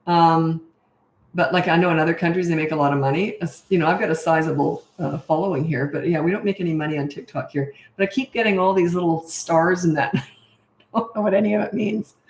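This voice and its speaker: A deep-voiced, fast-talking parenting coach from Canada, middle-aged, handles viewer questions in a casual livestream Q&A. She's blunt and matter-of-fact, and her room has an echo.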